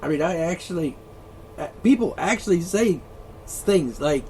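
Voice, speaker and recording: A man's voice: on the high side, animated, normal speed, a little mellow, slight background noise. A man vlogging an angry solo rant, profane, sarcastic and mocking.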